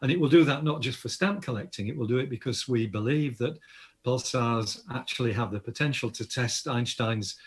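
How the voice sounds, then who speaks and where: A man's voice: mid-range voice, fairly quick, husky. An older Australian man, an astronomer guest, explaining science enthusiastically in an interview with frequent restarts. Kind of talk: interview conversation.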